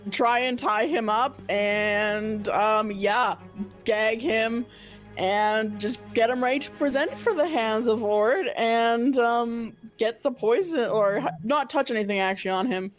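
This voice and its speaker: A woman player describing her character's moves in a slow, hesitant way with many ums. Her voice is somewhat high, with soft music playing underneath. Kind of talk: playing a tabletop game.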